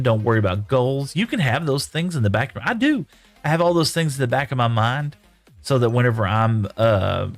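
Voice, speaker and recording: A man's voice: mid-range voice, no room sound. A man streaming live from his home room, reading viewer chat aloud and answering in a folksy, rambling way.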